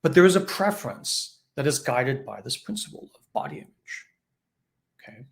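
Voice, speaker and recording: Male spiritual teacher, conversational, acts out voices, medium pitch, relaxed talk. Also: normal speed, creaky. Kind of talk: reflective talk in a live online session.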